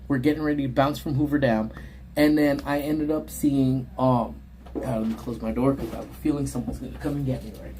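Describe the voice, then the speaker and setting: A man hosting a livestream from his parked car, casually telling a story to his chat and acting out the people in it with high yelps. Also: a little hiss or hum. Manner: animated, voices quoted people in high yelps. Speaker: livestream host.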